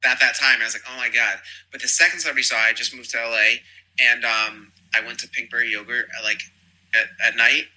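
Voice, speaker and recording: A man's voice: medium pitch, fairly even intonation, fast talker, pushed and bright, rough recording. A man chatting casually as a podcast guest, rambling and gossipy with lots of fillers. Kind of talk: casual chat.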